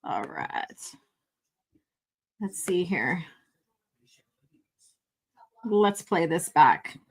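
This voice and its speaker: A woman's voice: on the low side, big pitch swings, drawn-out words, breathy edge. A woman live-streaming a fan film review, talking casually, laughing and swearing often.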